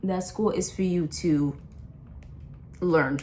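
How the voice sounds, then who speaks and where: A woman's voice: fairly low pitch, fairly even intonation, slow, background noise. A young adult woman in a blunt, impassioned rant, slangy and full of repeats and restarts. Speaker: vlogger. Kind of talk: casual ranting monologue.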